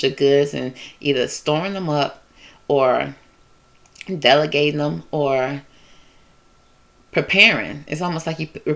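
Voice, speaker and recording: A woman with a low, deep-set voice reads tarot cards in a loose, conversational monologue, with features. She repeats phrases and lingers on words as she works through each card. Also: gravelly, a bit bright. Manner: conversational, repetitive, emotive, drawn-out phrasing. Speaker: tarot reader. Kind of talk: casual tarot reading monologue.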